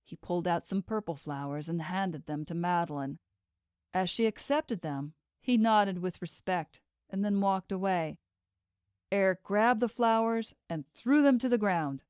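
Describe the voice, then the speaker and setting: A woman narrating a romance novel audiobook in a steady, measured way into a close studio mic. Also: lowish voice, clean tone, dry recording. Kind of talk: scripted narration.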